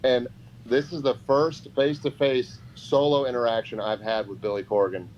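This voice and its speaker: A man's voice: mid-range voice, normal speed. Man telling a story on a lo-fi podcast. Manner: animated, acts out quoted voices. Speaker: podcast guest, pro wrestler. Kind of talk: casual storytelling. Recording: dull lo-fi podcast audio with faint noise.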